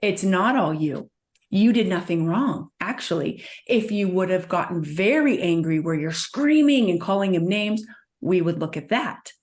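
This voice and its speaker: Low-pitched earnest woman coaching gently. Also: expressive, unhurried. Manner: earnest, soothing, speaks in guided prompts. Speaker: somatic trauma practitioner. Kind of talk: guest in conversation, gentle coaching.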